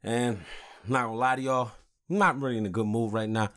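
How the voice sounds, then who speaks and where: A man's voice: mid-range voice, steady tone, fast, fairly bright tone. A man in his thirties, a father, hosting a podcast and ranting angrily with lots of swearing and "you know what I'm saying.". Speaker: podcast host.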